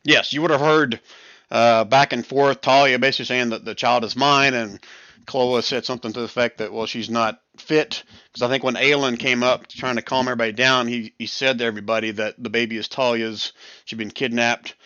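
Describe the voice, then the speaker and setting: A man narrating and running an online tabletop role-playing game as game master, relaxed and chuckling. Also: clear, resonant tone, dry recording, highs cut off. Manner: relaxed, chuckling, voices the crowd in quick high bursts. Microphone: headset or desk mic on voice chat.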